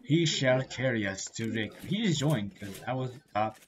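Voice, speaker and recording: A gaming creator doing casual let's-play commentary, excitable and slangy, blurting reactions and yelling at other players. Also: medium pitch, normal speed, a little hiss or hum. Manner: slangy gamer talk.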